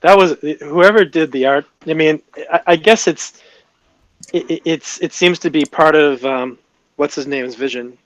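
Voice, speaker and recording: A man playing a tabletop game, chatting casually in a halting way with restarts. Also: a little high, no echo, rough recording. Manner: halting, many restarts and fillers. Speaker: player. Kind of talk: casual chat at the gaming table.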